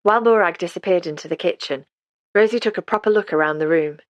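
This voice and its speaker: A woman narrates an audiobook in a calm, measured way, her voice sitting on the low side. The sound is dry and close to the mic. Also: no echo, highs cut off. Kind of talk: scripted narration.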